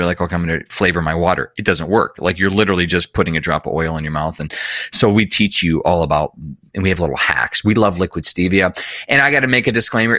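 A man's voice: deep voice, pushed and bright, no echo, studio quality. A man talking as an interview guest, explaining at length in an earnest way, repeating words for emphasis and correcting himself often. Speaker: guest expert.

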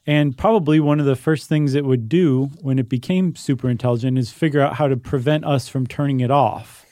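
A man's voice: medium pitch, a little fast, mellow, no room sound, studio quality. Easygoing man co-hosting a podcast. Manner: explanatory, easygoing, thinks aloud with fillers. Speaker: podcast co-host. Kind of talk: casual conversational podcast.

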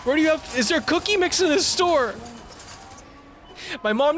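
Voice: sits high, lively intonation, normal speed, pauses often, a bit bright. Frantic, rambling comic voice over music. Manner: rambling, repetitive, frantic, swears a lot. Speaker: comedic character monologue performer. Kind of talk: improvised comedic monologue.

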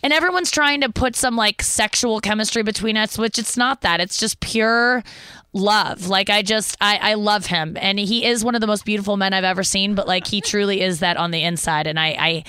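A woman's voice: medium pitch, moderate pace, sharp tone, smooth, no echo. A woman hosting a podcast in casual chat, rambling and self-deprecating with many fillers and restarts. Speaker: podcast host.

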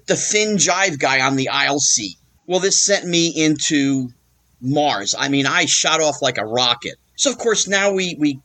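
A man telling an anecdote as an interview guest, acting out the voices of the people in it. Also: on the high side. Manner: lively, acts out quoted voices. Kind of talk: animated storytelling anecdote.

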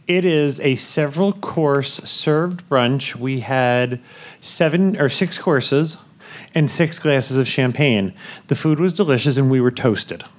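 A man hosting a live podcast from a cruise ship theater, speaking at an everyday middle pitch. He tells stories in a chatty way and often breaks into laughter while the audience listens. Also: slow, a little hiss or hum. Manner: chatty, laughing, enthusiastic food storytelling. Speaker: podcast host.

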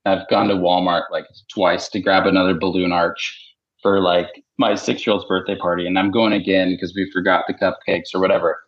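A man's voice: deep voice, moderate pace. A man in his thirties from Utah, a hunter and podcast guest, chatting casually with lots of "like" and acted-out quotes. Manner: rambling and animated, heavy filler "like", acts out quoted voices. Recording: slightly dull lo-fi podcast audio.

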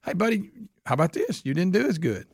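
A man's voice: a little high, huge pitch swings, quick pace, gravelly, a little mellow, husky, no room sound, clean studio sound. Blunt folksy man ranting. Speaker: radio co-host. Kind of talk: opinionated casual chat.

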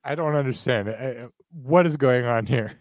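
A man's voice: mid-range voice, normal speed, a little mellow, no echo. A man co-hosting a podcast, doing playful, overplayed ad reads in a casual, joking way. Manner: jokey, overplayed sales energy. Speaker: podcast co-host reading ads.

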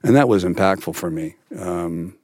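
Role: older male actor guest. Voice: deep, warm. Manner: animated storyteller, frequent restarts. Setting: dry studio podcast. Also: moderate pace, no room sound.

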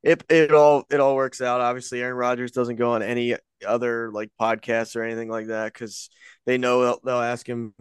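Male co-host, mid pitch, smooth clear voice, dry close mic, hesitant conversational delivery. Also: flat delivery, a little fast, no echo. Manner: hesitant, thinks aloud with restarts. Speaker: podcast co-host. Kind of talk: casual sports podcast chat.

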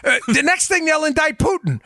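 Man, political podcast host, sarcastic wise guy, high voice, dry close sound. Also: animated, brisk, pushed and bright, no room sound. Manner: sarcastic, wisecracking, mocking voices. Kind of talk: animated political commentary.

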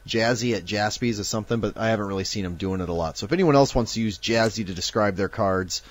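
A man's voice: fairly low pitch, fast talker. A man in his thirties from Nebraska, co-hosting a live sports card stream in a chatty, joking way. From Omaha, Nebraska. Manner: chatty, jokey, reads off giveaway lists. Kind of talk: casual live-stream chat.

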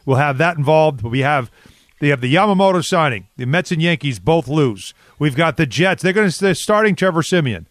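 Lively New York radio host, dry studio sound. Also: male voice, a little high, no echo. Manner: animated, quick banter with co-hosts. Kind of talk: casual sports radio talk. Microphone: studio microphone.

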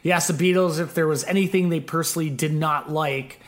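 A man's voice: a little high, fairly even intonation, fast talker. A man hosting a podcast in casual chat, rambling with lots of fillers. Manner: rambling, many fillers, laughs easily. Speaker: podcast host.

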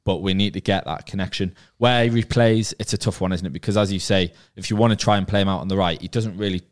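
Deep-voiced Englishman mulling over football. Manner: halting, many restarts. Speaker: podcast regular. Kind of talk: casual football chat.

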